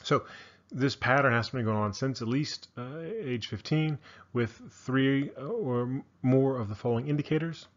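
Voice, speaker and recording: A man's voice: medium pitch, unhurried, highs cut off. A man giving a casual narrated psychology lecture, thinking aloud with frequent ums and restarts. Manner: casual, many fillers and restarts.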